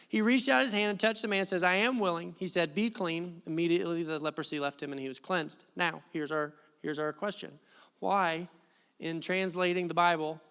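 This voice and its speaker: A pastor delivers a lively sermon with a fairly high, bright-edged voice. He talks straight to the congregation and drops in jokes between Bible readings. The sound carries a long church-hall reverb. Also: smooth. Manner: animated, joking asides to the congregation. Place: church sanctuary.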